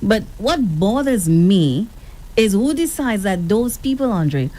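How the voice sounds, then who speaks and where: A woman's voice: medium pitch, big pitch swings, slow pace, mellow. A woman from the Caribbean co-hosting a political talk show, indignant and outspoken. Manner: indignant, echoes the host, says "come on". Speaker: radio co-host.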